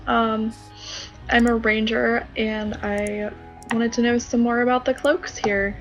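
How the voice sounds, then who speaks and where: A woman player speaks cheerfully in a fairly high voice during a tabletop game. Faint music plays behind her. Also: little pitch movement, takes it slowly. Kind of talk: tabletop role-play.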